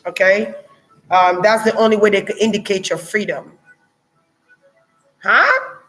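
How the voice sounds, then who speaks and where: A woman, giving a casual spiritual channeling reading, musing slowly with many fillers and restarts. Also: medium pitch, steady tone, faint music behind, rough recording.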